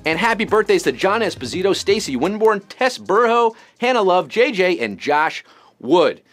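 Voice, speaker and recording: A man with a high voice and big pitch swings hosts a live trivia game at normal speed, faint music behind him. He fires off questions with puns and jokes, his delivery bouncy and broken up by sudden silly voices.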